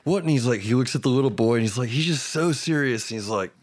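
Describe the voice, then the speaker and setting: Male podcast host, average pitch, lively storytelling chat with frequent laughter. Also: quick pace. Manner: animated retelling, laughing often. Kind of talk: casual chat.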